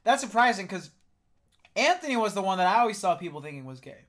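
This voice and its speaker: A man's voice: sits high, very animated, fast, fairly bright tone. A man streaming, giving loose, joking reaction commentary and swearing freely.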